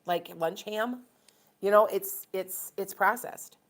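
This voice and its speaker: A woman's voice: medium pitch, slow pace, fairly bright tone. A chatty woman from Wisconsin hosts a live stream as a tarot reader. She talks in a casual, rambling way and airs blunt opinions freely.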